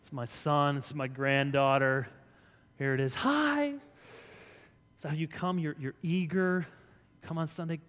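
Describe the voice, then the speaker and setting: Man, pastor, lively sermon, loud to soft, bright tone, church reverb. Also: on the high side, moderate pace, smooth. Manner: conversational preaching, swings from loud to soft. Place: church sanctuary.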